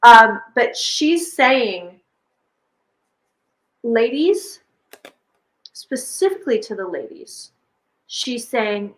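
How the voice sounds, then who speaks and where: A woman hosting a casual psychic chat, telling stories quickly and acting out what people said. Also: a little high, roomy sound, poor audio. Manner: animated storyteller who acts out quoted speech. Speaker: psychic medium and host.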